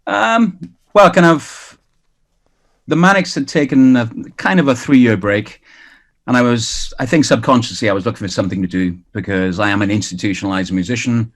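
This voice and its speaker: A Welsh musician in his fifties is interviewed for radio outdoors by the sea. He speaks haltingly in a mid-range voice, with many fillers and restarts.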